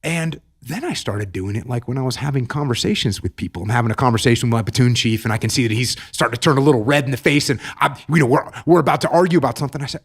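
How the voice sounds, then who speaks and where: A man's voice: medium pitch, very fast, hardly any pauses, slightly rough. A middle-aged man, a military veteran guest, giving earnest advice in an emphatic way, often repeating and restarting his words. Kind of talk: podcast storytelling and advice.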